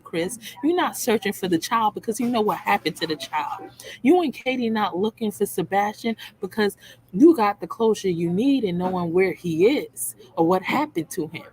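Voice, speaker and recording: A woman's voice: mid-range voice, animated, normal speed, a little mellow. A woman hosting a true crime livestream, reacting to a clip in blunt, heated, scolding commentary.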